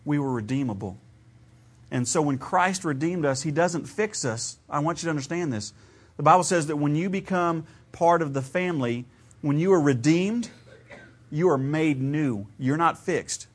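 A pastor in his thirties from Ohio preaches in a conversational, story-driven style, his voice a little high with a breathy edge and a moderate pace. His emphasis shifts as he talks, and he laughs at his own stories.

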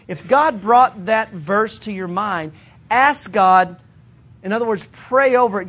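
A man with a notably high voice teaches from the pulpit in a relaxed, conversational way. He is earnest and direct, and now and then he stumbles over a restart before pressing on. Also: moderate pace. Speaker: pastor. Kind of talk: sermon teaching to a congregation.

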